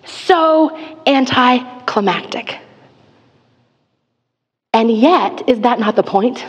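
A woman preacher teaching a Psalm speaks in a fairly high, expressive voice, extremely slowly and with many pauses, under the long reverb of a large hall. Her conversational sermon is candid and chatty, full of filler words and self-deprecating asides.

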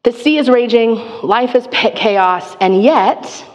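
A woman preaching with a fairly high voice in a candid, chatty way, peppering her teaching with filler words and self-deprecating asides. Her voice carries a long reverb, like a large church hall. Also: animated, takes it slowly, few pauses. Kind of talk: conversational sermon.

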